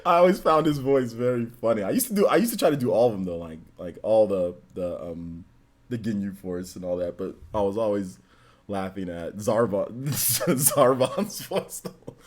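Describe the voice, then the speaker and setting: A man hosting a casual livestream chat, telling animated stories and laughing often. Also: fairly low pitch, brisk. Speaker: host. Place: indoors under studio lights. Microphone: on camera.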